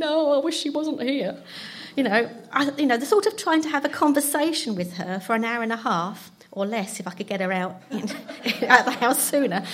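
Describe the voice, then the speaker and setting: A woman's voice: medium pitch, husky. A woman, giving a chatty, self-deprecating personal testimony at church. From London. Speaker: church speaker.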